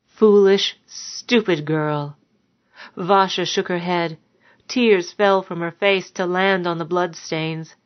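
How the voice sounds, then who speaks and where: A woman narrating a dark story in a measured, somber way, on a dull lo-fi recording. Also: fairly low pitch. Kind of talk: audiobook narration.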